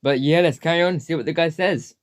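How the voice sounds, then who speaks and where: A man's voice: a little high, fast talker, background noise. A man commenting on a video as reaction host, hesitant and hedging, leaning on filler phrases. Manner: hesitant, hedging, repeats "obviously".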